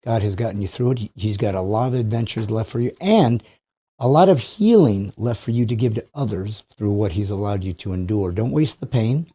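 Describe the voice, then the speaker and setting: A man's voice: lowish voice, expressive, a little fast, mellow, husky. A man hosting a studio podcast, talking in an earnest, encouraging, somewhat preachy way. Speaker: podcast host. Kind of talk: interview chat.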